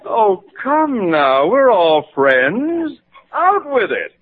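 An actor playing a jovial, nosy family friend in an old radio sitcom, hearty and coaxing. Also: male voice, high voice, huge pitch swings, very slow, full character voice. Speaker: neighbor friend. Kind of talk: 1940s radio sitcom acting. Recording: tinny old radio broadcast with hiss.

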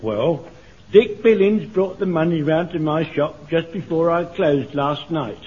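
An actor playing an elderly, flustered shopkeeper soldier who stammers and repeats himself eagerly, in radio sitcom acting. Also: male voice, on the high side, unhurried, darkish tone, close to an everyday voice. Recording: dull lo-fi radio recording.

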